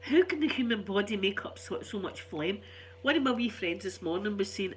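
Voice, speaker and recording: A middle-aged Scottish woman, ill and congested, telling stories in an animated, chatty way. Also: mid-range voice, fairly quick, a little hiss or hum. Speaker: vlogger. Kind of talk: casual storytelling chat.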